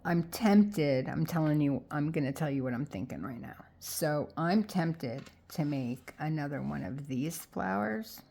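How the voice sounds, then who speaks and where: A woman's voice: low-pitched, animated, measured pace, gravelly, hardly any pauses, warm tone, breathy edge. A middle-aged woman vlogging as she crafts, rambling and indecisive as she talks herself into her choices. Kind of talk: casual thinking aloud while crafting.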